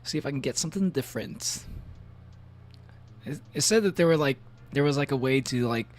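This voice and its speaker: A man's voice: mid-range voice, expressive, brisk. A man chatting casually on a game stream, rambling with many fillers and frequent laughs. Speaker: VTuber streamer.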